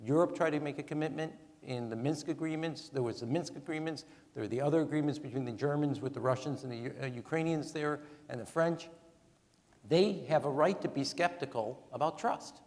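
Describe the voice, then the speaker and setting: A man in his sixties, a former ambassador, speaking onstage in an animated, emphatic way and counting off his points. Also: a little high, brisk. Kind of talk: onstage conversation. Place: large event hall. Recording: long hall reverb.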